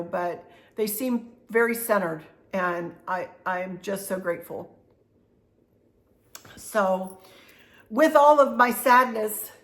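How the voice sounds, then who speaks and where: Emotional middle-aged woman vlogging. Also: medium pitch. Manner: rambling, emotional, many fillers and restarts. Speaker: channel host. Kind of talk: heartfelt casual vlog chat.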